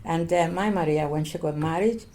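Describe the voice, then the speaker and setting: An older woman from Cyprus speaks in broken, repetitive English, Greek being her first tongue. Her voice sits fairly low and sounds mellow and soft. She tells her story earnestly, like an oral history interview. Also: a little hiss or hum. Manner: halting, repetitive non-native English, earnest.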